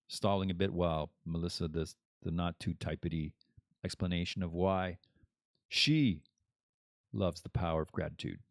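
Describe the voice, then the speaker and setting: A man's voice: sits low, measured pace, long pauses, no room sound, clean studio sound. A man hosting a podcast as a casual live stream, rambling and joking as he chats. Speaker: podcast host.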